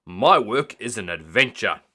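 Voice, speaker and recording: A man's voice: on the low side, animated, measured pace, sharp tone, exaggerated voice. A man doing Daddy Pig, a jolly storybook dad. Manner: jolly and showy. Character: cheerful fun-loving father pig.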